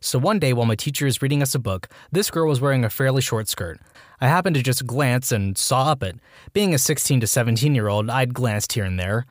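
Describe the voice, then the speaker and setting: Man, scripted storyteller, mid-pitched, wry matter-of-fact delivery, dry close recording. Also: lively intonation, fairly quick, no room sound. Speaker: narrator reading anonymous posts. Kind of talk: scripted narration.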